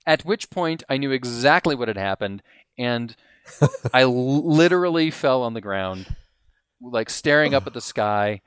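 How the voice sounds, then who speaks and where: A man telling a long story on a podcast in a casual, animated way, acting out what others said and laughing as he goes. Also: medium pitch, unhurried, clean tone, no room sound, clean studio sound. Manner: animated, acts out quotes, laughs mid-story.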